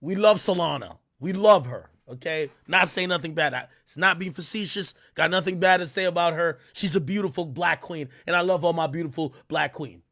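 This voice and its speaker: A man's voice: a little high, fairly quick, few pauses, a bit bright, dry recording, studio quality. A man chatting casually on his livestream, tipsy, rambling and profane, laughing often and mimicking other people.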